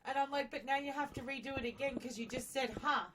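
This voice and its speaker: A woman joins the host's live stream from the same room, speaking away from his microphone. Her voice sits fairly high for a woman. She teases him dryly in casual banter. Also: fairly even intonation, quick pace, a bit bright, a little hiss or hum, poor audio. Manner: teasing, dry. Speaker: chat moderator and guest.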